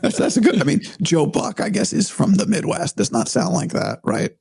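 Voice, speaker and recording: A hoarse man whose raspy, breathy voice sits unusually high and swings widely in pitch, with a gravelly edge throughout. He talks in a thoughtful, hedging way in a casual podcast chat. The sound is dry and close. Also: big pitch swings, normal speed, darkish tone. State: hoarse after vocal cord surgery. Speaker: sports broadcaster.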